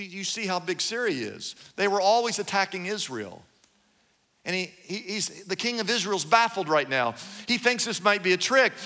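A high-pitched, bright-toned male preacher delivering an animated sermon. He retells Bible stories with lively repetition, and his voice rings out in a large hall with a long, lingering echo. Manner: animated storytelling, acting out Bible characters with repeated phrases. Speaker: pastor.

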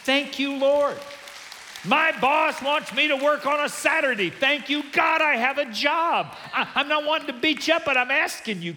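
Animated high-voiced male preacher in a hall. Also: a little hiss or hum. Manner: animated, humorous, acts out quoted voices. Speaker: pastor. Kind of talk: sermon. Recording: long hall reverb.

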